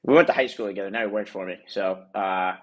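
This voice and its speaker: Young man, podcast co-host, husky voice, low-ish pitch, rambling casual storytelling. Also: quick pace, low-quality recording. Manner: rambling, self-correcting, laughs at himself.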